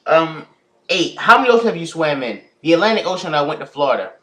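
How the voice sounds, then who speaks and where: A teenage guy with a fairly high voice that rises and falls a lot as he talks. He reads each question aloud, then answers with plenty of hesitant pauses, chatting casually straight to his viewers in a vlog. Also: sing-song, a bit bright. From United States. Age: teens. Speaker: YouTuber.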